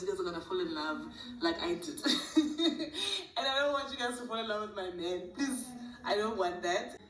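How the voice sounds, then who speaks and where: A woman chatting playfully as a vlogger, with laughing asides. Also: medium pitch. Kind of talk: casual vlog chat. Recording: roomy, from far off the mic.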